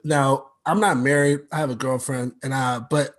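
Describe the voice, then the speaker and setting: A man's voice: mid-range voice, steady tone, moderate pace. A young man doing a rambling, slangy stand-up set, telling stories with lots of asides. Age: young adult. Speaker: stand-up comedian.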